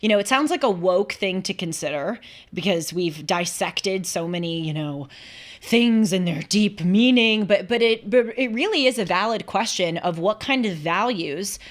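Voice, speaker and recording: A woman hosts a live talk show, sharing her opinions in a loose, conversational way. Her voice sits at an ordinary middle pitch. She chats easily and drops in quick asides as she goes. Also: animated. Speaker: show host. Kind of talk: casual live show commentary.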